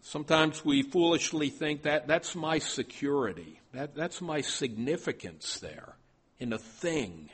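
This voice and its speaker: A man's voice: fairly high pitch, expressive, unhurried, husky. A male pastor preaching a sermon, stopping often and repeating his words as he goes.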